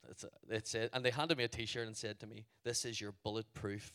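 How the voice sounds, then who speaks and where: A man with a Northern Irish accent tells a story to young listeners. His voice is forceful and crisp. He talks in an animated, chatty way and keeps dropping in "like". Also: lowish voice, brisk. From Northern Ireland. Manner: animated storyteller, full of "like" fillers. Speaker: youth event speaker. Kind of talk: storytelling talk to a youth audience.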